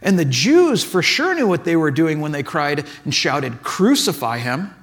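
A pastor delivers a casual, conversational sermon in an easygoing, chatty way, telling stories with plenty of "like" and little acted-out asides. His voice is high for a man, swooping wildly in pitch, at a normal speed.

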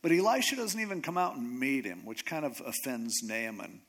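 A middle-aged male pastor with a medium-pitched voice preaches a sermon, retelling a Bible story in a lively, conversational way. He acts out the characters' lines in quick asides as an animated storyteller.

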